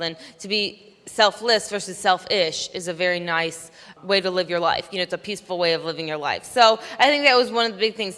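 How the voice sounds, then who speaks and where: A woman's voice: medium pitch, pushed and bright, clean tone. A woman giving an earnest motivational talk on stage, telling stories and quoting others as she goes. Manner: earnest, storytelling, quotes others in her own voice. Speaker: speaker at a business convention. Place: stage in a large venue. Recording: large hall with long reverb.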